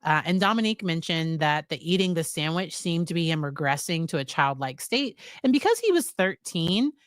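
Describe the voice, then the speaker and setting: American woman, low-pitched voice, smooth, dry close mic, casual review. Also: very animated, normal speed, no room sound. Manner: chatty recap with fillers, acts out quotes. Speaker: psychologist reviewing a series.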